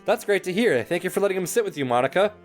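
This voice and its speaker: A gentle, caring schoolgirl who teases softly, voiced by a man reading a visual novel aloud, her voice lively and bouncing in pitch. Faint game music plays underneath. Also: rapid-fire. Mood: polite. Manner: gentle, reassuring, a little teasing. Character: poised, caring teenage schoolgirl club president. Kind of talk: game dialogue read aloud.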